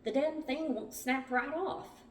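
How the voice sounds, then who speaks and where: A woman's voice: medium pitch, a little fast, darkish tone, a little hiss or hum, natural voice. A woman voicing a stubborn shipwrecked man who curses in frustration. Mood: frustrated. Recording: roomy, distant from the mic.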